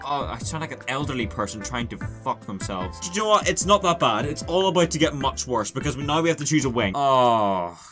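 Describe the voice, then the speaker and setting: A man's voice: mid-range voice, expressive, fast, few pauses, sharp tone, faint music behind. A man casually commentating a car-building game, sarcastic and swearing a lot as he mocks his own creation. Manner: sarcastic, swearing, self-mocking. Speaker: gaming YouTuber.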